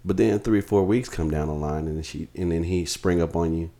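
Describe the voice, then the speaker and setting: A man in casual chat, teasing and swearing freely. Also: brisk. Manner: loud teasing, swearing freely, jumps to high exclaims.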